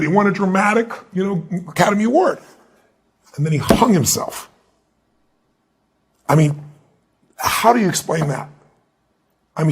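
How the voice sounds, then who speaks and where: A middle-aged man with a gravelly, husky voice that sits a little high for a man. He answers as an interview guest, telling stories with animated energy and acting out the people he quotes. He talks like a motivational speaker.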